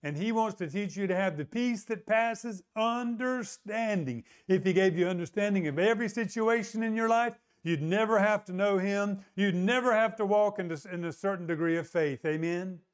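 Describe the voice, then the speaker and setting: High-voiced preaching man. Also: moderate pace, few pauses, clear, resonant tone. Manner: conversational preaching, often asks the crowd to agree. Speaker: pastor. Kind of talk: sermon.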